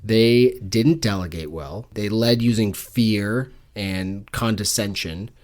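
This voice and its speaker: Low-voiced man joking deadpan. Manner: joking, deadpan mock-business talk. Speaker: podcast co-host. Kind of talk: casual book discussion.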